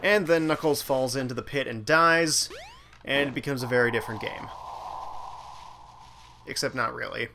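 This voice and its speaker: A man's voice: mid-range voice, moderate pace, creaky, pauses often, bright, forceful tone, a little hiss or hum. A man hosting a let's play, casually commenting on his gameplay with rambling, self-mocking asides. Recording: game music playing underneath. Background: game music.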